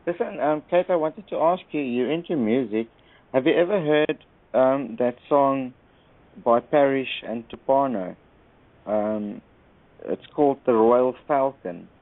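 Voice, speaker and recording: A man calling in to a radio chat, soft-spoken, agreeable and earnest. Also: mid-range voice, unhurried, no echo. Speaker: caller. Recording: dry tinny phone-like line.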